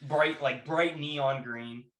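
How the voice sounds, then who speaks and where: A man with a somewhat high voice chatting on a podcast. He tells stories with lively energy and bursts into loud quoted lines. The talk is relaxed and conversational. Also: slow. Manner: animated storyteller who shouts out quoted lines. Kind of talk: casual chat, reminiscing.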